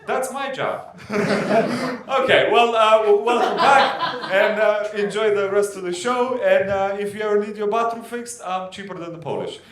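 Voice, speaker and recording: High-voiced comedian in echoey club. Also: male voice, crowd noise. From North Macedonia. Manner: halting delivery, repeats words as he starts sentences. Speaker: stand-up comedian. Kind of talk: stand-up comedy set.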